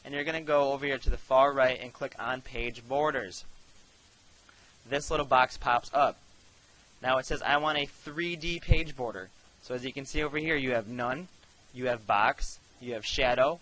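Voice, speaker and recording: A man of middle pitch with a bright, forceful tone, talking students through a screen tutorial step by step. He keeps it casual and direct, like a teacher at the front of the room. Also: normal speed, low-quality recording.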